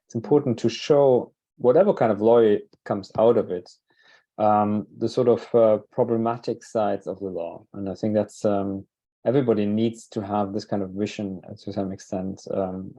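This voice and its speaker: Halting man moderating an online panel. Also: fairly low pitch, steady tone, dark tone. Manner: halting, many fillers and restarts.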